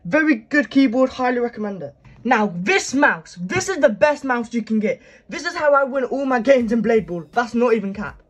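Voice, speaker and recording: A man's voice: extremely high pitch, lively intonation, normal speed, a little hiss or hum. A young man in his teens, chatting casually as he shows off his gaming setup at his desk. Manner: chatty, showing things off as he goes. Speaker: gaming YouTuber. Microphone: desk microphone.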